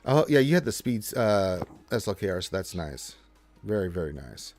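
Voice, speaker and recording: A man hosting a casual gaming livestream from home on a close desk mic, chatty and excitable, talking to himself as he plays. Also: low-pitched, normal speed, soft background music. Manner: excitable, chatty, talks to himself while playing. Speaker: livestream host.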